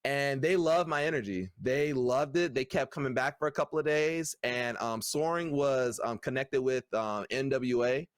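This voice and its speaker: A young man, a streamer, chatting casually and easygoing, with many pauses. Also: medium pitch, no echo, studio quality. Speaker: streamer, guest. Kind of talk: casual podcast chat.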